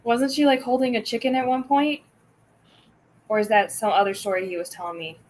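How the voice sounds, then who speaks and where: A woman co-hosting from a knife shop, chatty and quick in casual conversation. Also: on the high side, fairly even intonation, a little mellow. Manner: chatty, quick, laughs easily. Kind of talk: casual chat.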